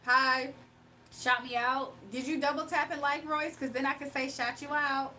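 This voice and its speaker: A woman's voice: high voice, steady tone, moderate pace, pushed and bright, a little hiss or hum, low-quality recording. A woman hosting a livestream with a faint foreign accent, talking back to her chat in a sassy, casual way. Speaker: livestream host.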